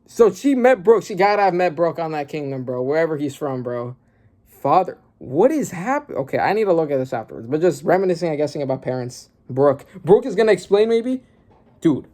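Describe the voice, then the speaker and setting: A man reading through a manga chapter aloud and reacting, often bursting into loud exclamations and swearing. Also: fairly high pitch, big pitch swings, brisk.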